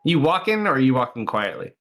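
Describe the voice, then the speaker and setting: Bright-voiced young man running a game. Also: medium pitch, very animated, fast. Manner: loose, hesitant, many fillers. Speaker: game master. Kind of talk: casual tabletop narration.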